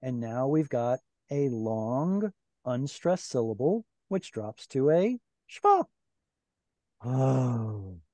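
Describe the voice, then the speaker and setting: A man's voice: mid-range voice, very animated, drawn-out words, mellow, dry recording. A man teaching a Hebrew class over a video call, patiently explaining grammar step by step.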